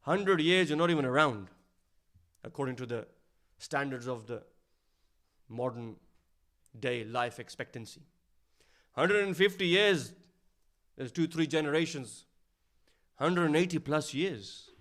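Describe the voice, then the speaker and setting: A man giving a sermon, telling a story and dropping to a hushed voice for its sad lines, then rising louder to stress his points. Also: animated, unhurried, pauses often. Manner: storytelling, drops to a low hushed voice for sad quotes. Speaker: speaker at an Islamic centre.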